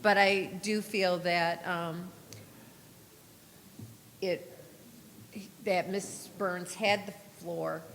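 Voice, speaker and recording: A woman speaking as a city council member in a formal meeting, measured and hesitant, with restarts. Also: on the low side, vocal fry. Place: council chamber. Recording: reverberant council chamber, faint room noise.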